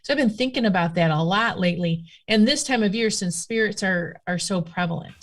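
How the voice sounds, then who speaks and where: A woman's voice: medium pitch, brisk. A woman guest telling stories in a casual conversation, chatty and rambling with lots of fillers. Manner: chatty, rambling, animated storytelling with many fillers. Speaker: guest, witchcraft practitioner.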